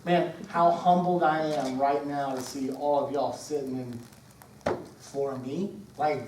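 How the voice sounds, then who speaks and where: A Southern man from Georgia, probably in his forties, giving a heartfelt, halting retirement speech full of fillers and restarts. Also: a little high, a little mellow, a little hiss or hum. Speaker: retiring Air Force senior master sergeant. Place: ceremony room. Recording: echoey room, speaker far from mic.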